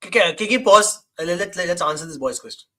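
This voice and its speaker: A man with a high, bright, ringing voice delivers heated stream commentary. He is emphatic and lays out his argument point by point. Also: animated. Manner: emphatic, fast, explains point by point. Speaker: co-host reacting to a debate clip.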